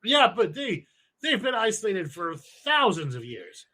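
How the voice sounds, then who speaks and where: A man's voice: sits high, sing-song, unhurried, sharp tone. A man co-hosting a podcast, chatting casually and profanely, rambling through home brewing steps with emphatic swearing. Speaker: podcast co-host.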